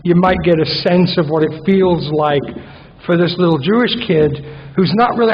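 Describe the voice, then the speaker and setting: Brief: high-voiced male conference speaker, wry and rambling, dull recording in a big echoing hall. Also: moderate pace, slight background noise. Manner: self-mocking, rambling, comic asides. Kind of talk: conference talk. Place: large conference hall with an audience.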